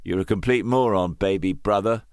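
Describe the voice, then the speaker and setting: A man's voice: lowish voice, normal speed, no echo, clean studio sound, lightly acted. A man voicing a teasing, protective older brother, a young man, mocking yet fond.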